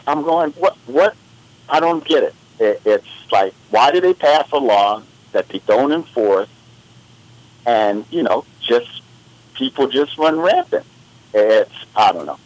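A man's voice: mid-range voice, no echo, low-quality recording. A man co-hosting a radio show, rambling in casual chat and getting worked up as he tells stories. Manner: animated, rambling, exasperated storytelling. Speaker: radio co-host.

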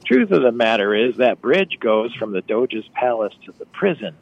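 A travel writer telling chatty, wry stories on a radio call. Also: male voice, mid-range voice, big pitch swings, normal speed, creaky, husky, no room sound, muffled recording. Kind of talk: phone-in radio chat. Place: on location outdoors by phone.

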